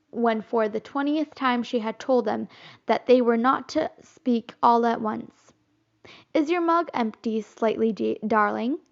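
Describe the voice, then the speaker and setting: A woman narrating a children's classic as an audiobook, in expressive storytelling. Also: a little high, creaky. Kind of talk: audiobook reading. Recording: slightly muffled recording.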